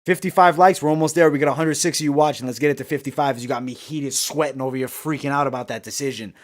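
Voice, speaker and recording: A man's voice: medium pitch, fast talker. A man hosting a live fight-night stream, chatting with viewers and ranting heatedly about the judging, with lots of swearing. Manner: reads and answers viewer comments. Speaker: livestream host. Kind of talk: live fight commentary chat.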